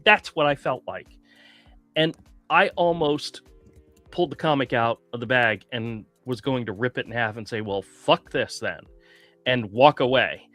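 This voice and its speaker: A man's voice: mid-range voice, normal speed, no echo. A man in the host's chair tells a story with real heat, and his voice climbs and drops as he gets worked up. The sound is dry and close, with faint music under it. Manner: animated storyteller, gets heated and indignant. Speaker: podcast host. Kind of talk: casual chat.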